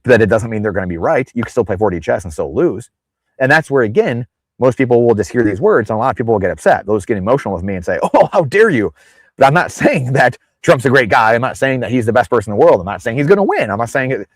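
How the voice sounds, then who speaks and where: Racing along in a medium-pitched, expressive voice, a man guesting on a podcast wanders off on tangents during casual conversation. Whenever he quotes someone, he imitates them in an exaggerated voice; there's no echo.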